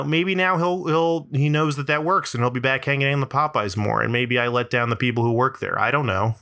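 A man's voice: mid-range voice, bright, forceful tone. A man telling a comedic personal story, self-deprecating and profane, spinning it into exaggerated riffs.

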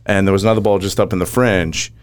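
A man's voice: low-pitched, smooth. A man in casual chat, animatedly recounting a match shot by shot. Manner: animated storyteller, rapid play-by-play recounting.

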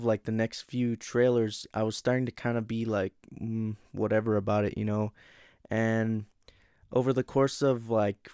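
A man's voice: fairly low pitch, darkish tone, smooth, no room sound, clean studio sound. A man hosting a casual pop-culture chat, rambling and swearing freely. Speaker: host.

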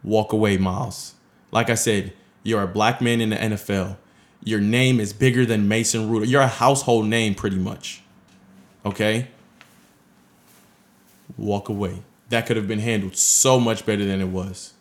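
A man co-hosting a sports talk show, animated and scolding, repeating his points for emphasis. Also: lowish voice, normal speed. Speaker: podcast co-host. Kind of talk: heated sports commentary chat.

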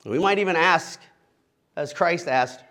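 Pastor preaching with a fairly high voice. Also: male voice, unhurried, bright, forceful tone. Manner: casual, humorous asides, frequent rhetorical "right?". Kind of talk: conversational expository sermon.

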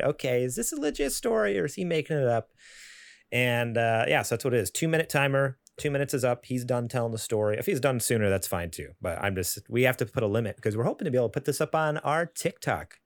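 Male podcast host, relaxed banter, mid voice, dry recording. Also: medium pitch, fast talker, creaky, no room sound. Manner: laughing, teasing. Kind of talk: casual chat.

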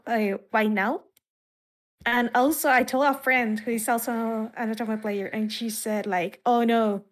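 A woman hosting a podcast in loose, casual chat. Her voice sits a little high, and she rambles with plenty of fillers and little laughs. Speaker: podcast host.

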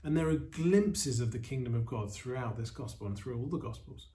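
A man preaching a sermon as pastor of an online church service, earnest and steady, with reflective pauses. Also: mid-range voice.

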